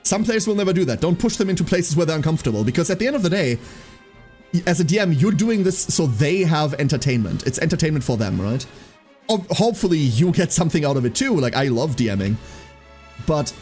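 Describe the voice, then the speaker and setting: A man chats casually with his stream viewers, his fairly high voice swinging up and down as he tells the story. He swears freely and acts out the people he quotes. Faint music plays behind him. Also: sing-song, fast talker, darkish tone.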